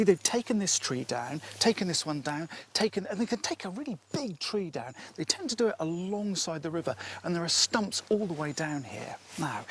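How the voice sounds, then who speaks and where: A man presenting wildlife outdoors by a river, explaining with enthusiasm and sometimes dropping his voice to a hush. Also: on the high side, vocal fry, slight background noise. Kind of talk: outdoor nature presenting to camera.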